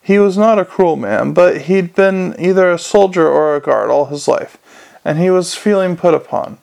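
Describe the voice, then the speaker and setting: A man reading a comic fantasy novel aloud as an audiobook narrator, with a wry, expressive delivery. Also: high voice, normal speed, vocal fry.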